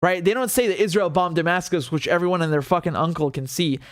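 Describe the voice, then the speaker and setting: A man's voice: sits high, quick pace, no echo, clean studio sound. A man hosting a live political commentary show, talking in an indignant, sarcastic way and swearing freely.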